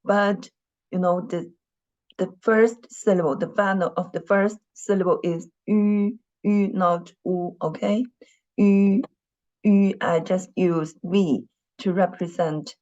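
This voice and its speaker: A woman leads an online dictation lesson, speaking patiently, repeating words and often clearing her throat. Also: on the low side, steady tone, slow pace, a little mellow, muffled recording. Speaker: Mandarin teacher.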